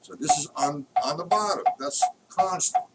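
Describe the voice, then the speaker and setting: A man's voice: a little high, normal speed, very noisy. A man teaching a live drum lesson, counting beats aloud as he demonstrates strokes. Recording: distant mic, loud drumming and clicks.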